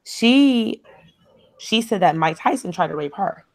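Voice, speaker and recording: A woman's voice: medium pitch, expressive, unhurried, a little mellow. A young woman co-hosting a casual talk show, retelling a story in a chatty way with lots of fillers. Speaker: podcast co-host. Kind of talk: casual chat.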